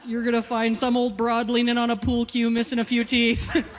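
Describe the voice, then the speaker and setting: A woman's voice: on the high side, completely flat delivery, moderate pace, in a large hall. A Canadian woman in her forties doing a stand-up comedy set, brash and self-deprecating in her storytelling. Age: 40s.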